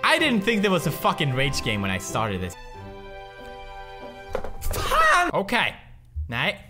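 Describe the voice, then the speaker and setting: A man with a Swedish accent, a native Swedish speaker, giving gaming commentary, raging, swearing and yelling at the game. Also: sits high, huge pitch swings, takes it slowly. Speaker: gaming video creator. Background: game music.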